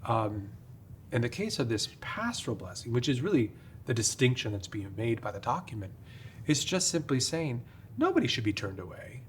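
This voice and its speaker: A man's voice: medium pitch, sing-song, slight background noise. A middle-aged man from upstate New York, a priest, explaining carefully in a podcast interview with frequent "uh" fillers. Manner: measured, careful, many "uh" fillers. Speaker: priest, guest.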